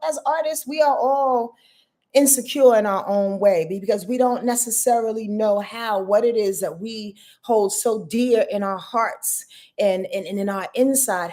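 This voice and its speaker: A woman in her fifties, an astrologer hosting a live reading, talking in a rambling, heartfelt, expressive way. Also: fairly high pitch. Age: 50s. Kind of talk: casual live talk.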